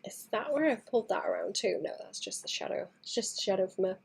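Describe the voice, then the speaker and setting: A woman livestreaming her painting, chatting casually and thinking aloud in soft mutters that trail into whispers, second-guessing her work. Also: mid-range voice, animated, quick pace, creaky, breathy edge. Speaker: artist streaming her painting.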